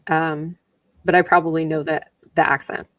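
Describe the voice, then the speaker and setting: A woman's voice: sits low, little pitch movement, normal speed, no echo, far from the mic. A woman from New York hosting a livestream, chatting sarcastically and laughing often as she comments on a trial. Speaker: livestream host. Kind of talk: casual commentary while rewatching a trial. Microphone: wearing headphones.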